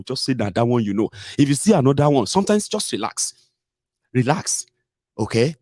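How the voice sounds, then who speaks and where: A man's voice: mid-range voice, sing-song, moderate pace, darkish tone, no echo, clean studio sound. A Nigerian man hosting a casual livestream, chatty, mixing in pidgin and frequent "eh" and "omo". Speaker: host.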